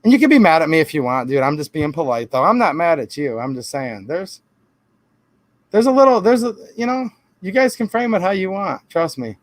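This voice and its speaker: Stream host, male, high voice, rambling emphatic delivery, dry home-studio sound. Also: big pitch swings, brisk, no room sound. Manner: rambling, emphatic, defensive asides. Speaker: channel host answering viewer comments. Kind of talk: casual live-stream talk.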